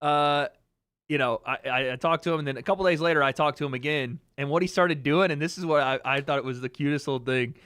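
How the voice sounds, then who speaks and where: A man's voice: fairly high pitch, fast talker, smooth, no echo. A man hosting a livestream, casually telling a story and answering his chat. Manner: animated storytelling, talks to chat. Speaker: livestream host.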